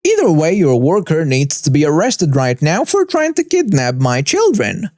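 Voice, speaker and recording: A man voicing an entitled mother who yells accusations in a shrill, screeching voice. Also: huge pitch swings, moderate pace, dry recording, clean studio sound. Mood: indignant. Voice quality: shrill and shrieking. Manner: accusing, yelling. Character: screeching entitled mother, adult woman, hostile.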